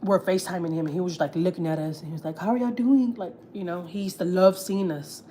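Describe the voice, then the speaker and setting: A woman's voice: lowish voice, steady tone, fast talker, mellow, a little hiss or hum. A woman, a family vlogger, tells gossip on a livestream in a blunt, heated, profane way. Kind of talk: casual storytelling, gossip.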